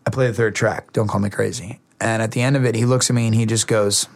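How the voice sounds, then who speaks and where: A young adult man, a musician, telling a long story in casual talk, halting and restarting often. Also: on the low side, steady tone, creaky. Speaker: musician guest.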